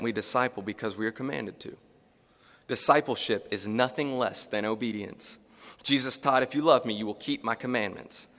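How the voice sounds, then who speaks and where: A man's voice: mid-range voice, fairly bright tone. Male preacher in a reverberant hall. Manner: earnest, builds emphasis through lists and rhetorical questions. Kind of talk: sermon. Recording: long reverb of a large hall.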